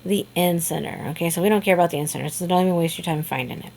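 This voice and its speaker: Woman, math teacher, casual and chatty, lowish voice. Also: racing, a little mellow. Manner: casual, chatty, many fillers and restarts. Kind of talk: classroom lecture video.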